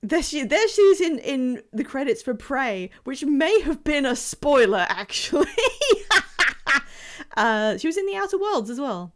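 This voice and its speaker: Streamer, woman, somewhat high voice, rambling and self-deprecating gameplay chatter. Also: very animated, unhurried. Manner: rambling, self-deprecating, trails off mid-thought. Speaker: game streamer. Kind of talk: casual live gameplay commentary.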